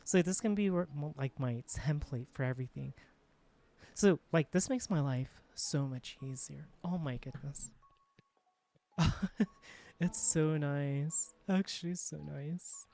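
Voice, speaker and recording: Low-voiced excitable woman streamer. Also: measured pace, soft background music. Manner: excitable, keeps exclaiming and greeting chat. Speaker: live streamer and world creator. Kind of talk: casual live-stream chat while working.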